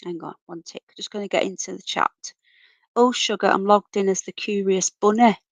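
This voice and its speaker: A woman's voice: mid-range voice, normal speed, creaky, no echo. A woman hosting a casual livestream, reading out viewer comments and greeting everyone as darling and sweetheart, while her voice is going from a cold. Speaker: livestream host. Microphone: computer mic, off camera.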